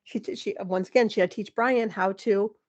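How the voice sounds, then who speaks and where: A woman in her forties, a podcast guest, telling a personal story in an animated, emotional way, with lots of "like" and some laughter. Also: medium pitch, brisk, lo-fi sound. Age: 40s. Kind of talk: candid interview storytelling.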